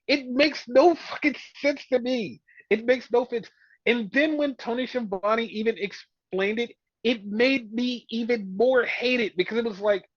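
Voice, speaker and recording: A man's voice: very high voice, dry recording, lo-fi sound. A man co-hosting a podcast, ranting with exasperation about a wrestling show and swearing freely. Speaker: podcast co-host. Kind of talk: casual wrestling review chat.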